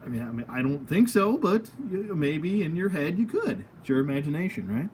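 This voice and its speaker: A man with a slightly raised, very lively voice hosts a loose toy review at his table. He rambles, trips over his words and chuckles at his own jokes. A faint hum of room sound sits behind him. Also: on the high side, fairly quick. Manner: rambling, goofy, laughs at himself. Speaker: toy reviewer, channel host. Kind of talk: casual unscripted product review. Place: at home, at a table of figures.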